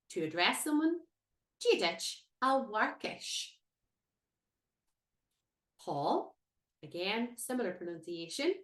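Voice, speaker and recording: Woman teacher, slow and lively-pitched, roomy echo; careful, drawn-out modelling of words. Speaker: Irish language teacher. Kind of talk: slow instructional lesson with repetition. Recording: echoey room.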